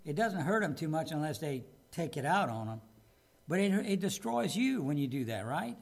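A man's voice: a little high, big pitch swings, moderate pace, vocal fry. A man preaching a sermon in a conversational way, often repeating words and asking his listeners questions. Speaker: pastor. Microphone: microphone with a loose connection.

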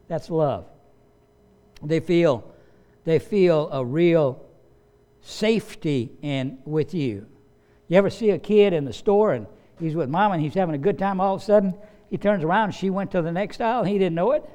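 A man's voice: fairly high pitch, moderate pace, mellow. A man preaching a sermon as pastor, emphatic and repeating key phrases for weight.

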